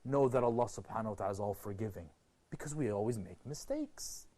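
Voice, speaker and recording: A man presenting a TV program, giving an expressive motivational lecture to a group and asking rhetorical questions. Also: quick pace. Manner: expressive, rhetorical questions, sweeping pitch swings.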